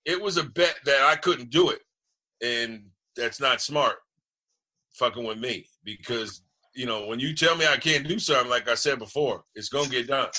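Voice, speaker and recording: Boisterous, bright-voiced man from New Jersey. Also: medium pitch, normal speed. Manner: boisterous, profane, animated storyteller. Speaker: former quarterback, guest. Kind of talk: casual storytelling chat.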